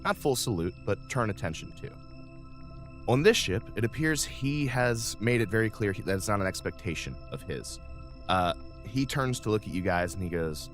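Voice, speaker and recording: A man's voice: on the low side, lively intonation, moderate pace, fairly bright tone, faint music behind. A man narrating a tabletop game as game master, describing the scene in a loose, improvised way.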